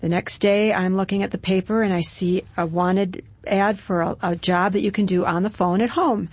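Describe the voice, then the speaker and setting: A woman's voice: medium pitch, steady tone, normal speed, darkish tone, dry recording. Woman plainly recounting her testimony. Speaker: guest. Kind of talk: personal testimony in an interview.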